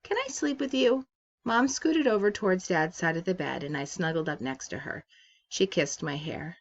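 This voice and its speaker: A woman teacher reading a novel aloud to her class from her office, with steady, expressive storytelling. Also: low voice, normal speed, lo-fi sound.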